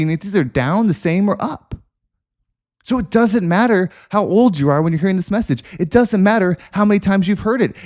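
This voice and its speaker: A man's voice: fairly high pitch, mellow. A man hosting a podcast, delivering an intense, repetitive motivational monologue with preacher-like emphasis. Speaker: podcast host.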